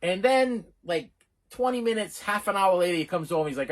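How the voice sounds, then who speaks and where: Speaking at a normal speed in a high voice, a middle-aged man who hosts a channel casually recounts a personal story to camera. He's animated and meandering, restarting his sentences again and again.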